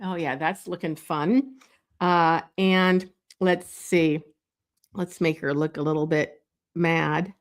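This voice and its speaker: Slow, musing woman teaching drawing. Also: deep voice, fairly even intonation. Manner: slow, thinking aloud with fillers while drawing. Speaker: art teacher. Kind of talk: drawing tutorial.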